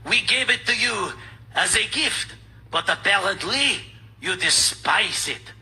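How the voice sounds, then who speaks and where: A man voicing a pompous male French politician in an exaggerated mock French accent, talking in a haughty, drawn-out way. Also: high-pitched, expressive, bright, forceful tone, husky, heavily acted, low-quality recording. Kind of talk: mocking impression on a talk show.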